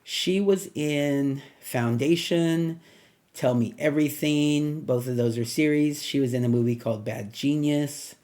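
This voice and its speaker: A man's voice: a little high, unhurried, darkish tone. A man talking casually on his own as a movie reviewer, rambling and thinking aloud with plenty of ums and asides.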